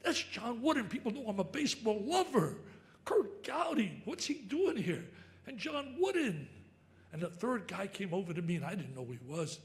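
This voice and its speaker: An older man telling stories in an excitable, emphatic speech, breaking into shouts. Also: sits high, moderate pace. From New Jersey. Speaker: sportscaster giving an induction speech. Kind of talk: storytelling speech.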